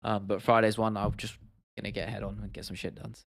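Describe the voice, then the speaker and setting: A man's voice: lowish voice, fast talker, vocal fry, no echo, clean studio sound. A man, hosting a casual livestream and chatting loosely as he answers questions from viewers. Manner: relaxed, chatty, answers chat questions with laughs. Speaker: livestream host.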